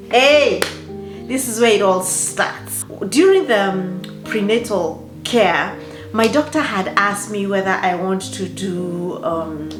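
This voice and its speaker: A woman, a life coach telling her personal story in an expressive way, with dramatic exclamations. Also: fairly high pitch. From Africa. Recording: roomy echo with faint background music.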